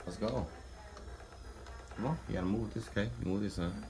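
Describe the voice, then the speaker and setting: A man's voice: lowish voice, a little fast, background noise. A man vlogging with his young son, talking in a playful, teasing way and coaxing the boy along. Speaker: vlogger dad. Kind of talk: casual family vlog chat.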